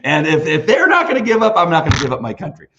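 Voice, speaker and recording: Lively man rambling on a lo-fi stream. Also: on the high side, quick pace, noisy background. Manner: rambling with frequent restarts; animated, emphatic. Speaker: host of a live video stream. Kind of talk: off-the-cuff livestream monologue.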